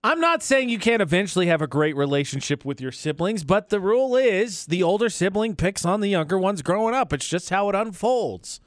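A man's voice: high voice, a little fast, hardly any pauses, no room sound. A man hosting a radio morning show, telling stories with lots of laughter in a studio. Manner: animated storyteller, laughs often. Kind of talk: casual radio banter. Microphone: studio mic.

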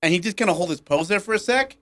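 A man's voice: high-pitched, expressive, quick pace, a bit bright. A man co-hosting a radio sports talk show, telling a rambling story and laughing at his own jokes. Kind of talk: casual sports talk banter. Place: radio studio.

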